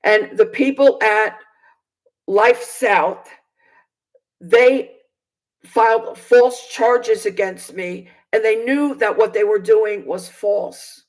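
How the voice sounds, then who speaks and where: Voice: medium pitch, takes it slowly, poor audio. A Bible teacher on a video channel telling a personal testimony, indignant and hesitant, with many fillers and restarts. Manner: aggrieved, indignant.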